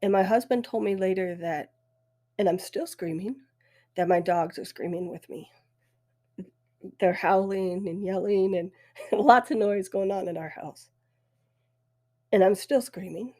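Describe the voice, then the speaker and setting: A middle-aged woman hosting a podcast, telling her own story in a halting, emotional way, her voice thick with tears. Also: medium pitch, warm tone. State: weepy. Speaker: podcast host. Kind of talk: personal storytelling.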